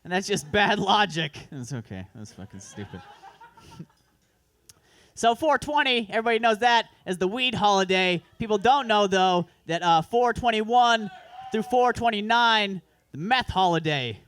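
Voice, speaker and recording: A man's voice: high voice, lively intonation, moderate pace, hardly any pauses, fairly bright tone. A man performing a crude, self-deprecating stand-up set at an open mic, rambling through asides. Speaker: stand-up comedian. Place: comedy club open mic.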